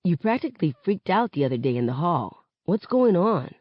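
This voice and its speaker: A woman voicing an earnest, puzzled teenage boy who asks low, pleading questions. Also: very animated, normal speed, no room sound. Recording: dull, muffled audio.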